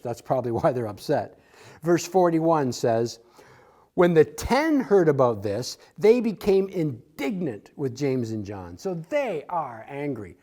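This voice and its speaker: A man teaching a church Bible class from an outline, acting out the quoted voices of the disciples. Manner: animated, acts out quoted voices with rising pitch.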